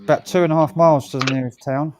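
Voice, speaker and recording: A man's voice: on the high side, fairly even intonation, fast talker, noisy background. A man chatting casually on a group stream in a matter-of-fact, easygoing way. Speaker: stream participant. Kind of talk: casual chat.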